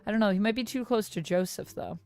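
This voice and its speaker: A young woman livestreams a dating game, chatting casually and giggling between lines. Her voice sits at a middle pitch, and faint game music runs underneath. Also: fast, a little mellow. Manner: giggly, reads game text aloud. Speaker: streamer playing a dating sim. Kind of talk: casual live gameplay commentary.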